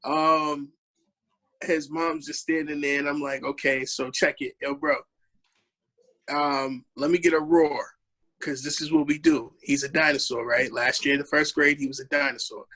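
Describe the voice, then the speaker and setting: A man's voice: fairly high pitch, fairly bright tone. A man on an online panel, telling a story with lots of laughter and slangy, casual phrasing. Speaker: educator on a panel.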